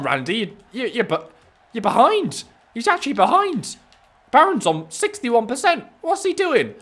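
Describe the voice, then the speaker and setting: A young man commentating live over his own gameplay, cheeky and excitable, swearing and shouting at the screen. His pitch swings all over the place and his tone is bright and forceful. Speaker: gaming YouTuber.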